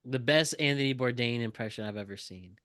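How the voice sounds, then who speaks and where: A man's voice: medium pitch, fairly quick, a bit bright, dry recording. A man hosting a podcast, introducing clips in an upbeat, casual way. His mid-range voice sounds dry and close, with no room sound around it. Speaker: podcast host. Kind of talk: casual chat.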